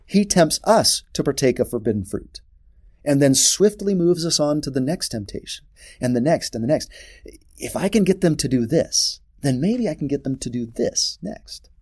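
A man teaching a scripture lesson, leading his students with rhetorical questions. His voice sits a little high and moves animatedly up and down as he stresses each point. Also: normal speed, husky. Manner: expressive, asks rhetorical questions.

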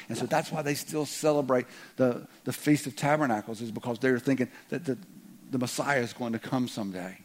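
A man preaching to his congregation. His voice sits at an ordinary middle pitch, and he talks in an easy, chatty way. He now and then breaks into loud, acted shouts. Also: fairly even intonation, quick pace. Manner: conversational, joking asides, rises to loud acted outbursts. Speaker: pastor. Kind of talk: sermon.

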